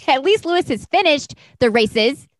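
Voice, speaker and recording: Young woman co-host, lively and sweary, a little high, dry close recording. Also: slow, no room sound. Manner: animated, swears freely, acts out mocking quotes. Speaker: podcast co-host. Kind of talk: casual chat.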